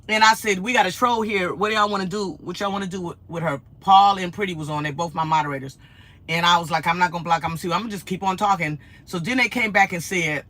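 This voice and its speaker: A woman, vlogging in an animated, chatty way and telling stories. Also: mid-range voice, fairly quick, no room sound. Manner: animated, laughs often, acts out quotes. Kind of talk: casual chatty storytelling.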